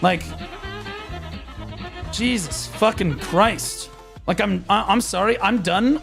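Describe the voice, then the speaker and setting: A man's voice: sits high, slow, gravelly, pauses often, over music. A young man streaming a game, ranting in a frustrated, profane, rambling way with many restarts. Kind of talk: live-stream rant.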